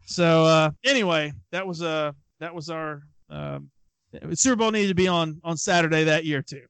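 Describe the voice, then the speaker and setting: A man's voice: on the high side, moderate pace, gravelly, fairly bright tone, clear, resonant tone, no echo. A man in his thirties, co-hosting a casual podcast and telling a long rambling story with lots of restarts and fillers. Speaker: podcast co-host.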